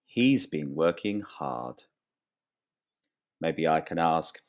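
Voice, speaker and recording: Slow, low-voiced male English teacher. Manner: slow, clear and lively, rising pitch on questions. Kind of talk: grammar lesson to camera.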